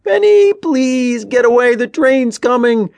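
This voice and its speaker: A man voicing a frightened young boy who yells frantically in a shrill voice. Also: expressive, unhurried, creaky, no room sound, heavily acted. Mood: panicked screaming.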